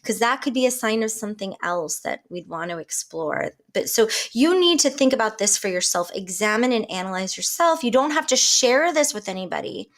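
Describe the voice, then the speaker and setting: Woman, life coach, lively, talky, slightly high voice, coaching talk. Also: brisk, hardly any pauses. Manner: lively, acts out example dialogues.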